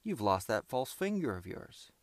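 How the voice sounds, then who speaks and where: A man's voice: mid-range voice, big pitch swings, normal speed, no room sound, natural voice. Level-headed storybook boy, earnest and curious, read by a male narrator.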